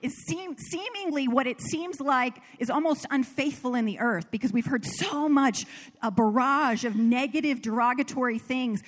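High-voiced woman preaching in a hall. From American South. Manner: earnest, storytelling, laughs at herself. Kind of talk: sermon with personal stories.

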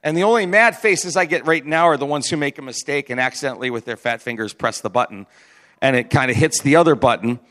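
A man's voice: medium pitch, fast talker, a bit bright. A man preaching a sermon as pastor, in a chatty, conversational way with frequent asides and restarts.

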